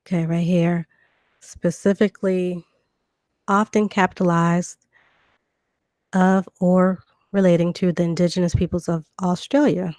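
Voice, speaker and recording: A Southern woman from Virginia with a bit of Georgia twang talks casually on her live stream, full of ums and restarts. Her voice sits low for a woman, recorded dry and close on a desk computer mic. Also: flat delivery, measured pace, long pauses, a little mellow, no echo. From Virginia and Georgia, USA. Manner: chatty, loose, many fillers and restarts. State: recovering from illness. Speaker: livestream host. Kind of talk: casual live stream talk, reading definitions.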